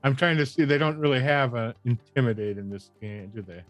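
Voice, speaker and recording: A man acting as game master in a casual tabletop session, relaxed and hedging, often laughing. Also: mid-range voice, brisk, no echo, faint music behind.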